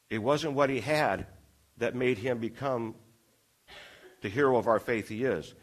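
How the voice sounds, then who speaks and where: A man preaching a sermon, retelling a story with lively acted-out dialogue and climbing intensity. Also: medium pitch, normal speed. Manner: animated storytelling, acting out dialogue with rising intensity.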